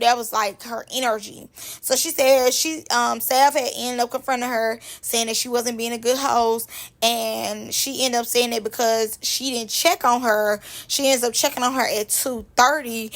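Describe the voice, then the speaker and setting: A young woman hosting her own vlog, recapping reality TV in an animated, slangy, chatty way. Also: a little high, normal speed. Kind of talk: casual commentary vlog.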